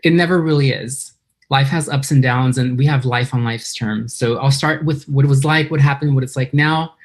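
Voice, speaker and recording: Speaking into her computer for an online video meeting, a slightly nervous woman from San Diego, California shares an earnest, emotional personal recovery talk. Her voice is extremely low-pitched and her speed normal.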